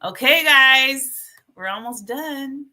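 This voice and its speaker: A woman hosting a casual livestream, chatty and animated, reading aloud from her notes while sharing her screen. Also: high-pitched, takes it slowly. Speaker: livestream host.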